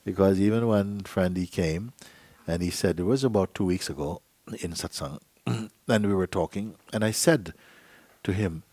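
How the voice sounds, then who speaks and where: A man's voice: low-pitched, moderate pace, warm tone, dry recording. A man giving a spiritual talk to a gathering. He talks playfully, acts out little dialogues and laughs often. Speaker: spiritual teacher. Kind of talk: satsang talk. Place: meeting hall.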